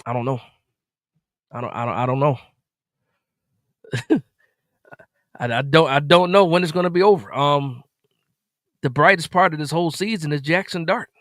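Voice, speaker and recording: A man's voice: a little high, moderate pace, pauses often, a bit bright, no echo, clean studio sound. A man hosting a live post-game reaction stream, upset and stammering with repeated words as he vents. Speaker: sports stream host.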